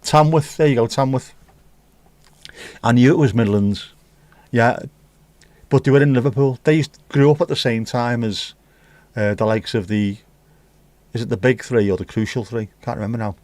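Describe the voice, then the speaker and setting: A man's voice: mid-range voice, moderate pace, pauses often, darkish tone, no echo. A man hosting a casual livestream, chatting cheekily with viewers and reading their messages. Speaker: livestream host reading chat. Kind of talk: casual chat. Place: home room.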